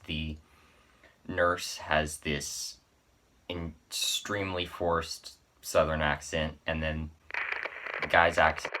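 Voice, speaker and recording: A man with a deep, monotone voice that still has a crisp, bright edge gives a casual spoken review of a horror movie. He rambles, breaks off for asides and corrects himself as he goes.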